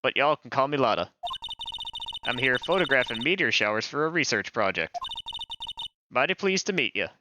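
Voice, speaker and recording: A man's voice: medium pitch, big pitch swings, moderate pace, long pauses, background noise, lightly acted. A man voicing a feisty, folksy country woman from the American South in a put-on Southern drawl, with game music underneath. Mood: friendly.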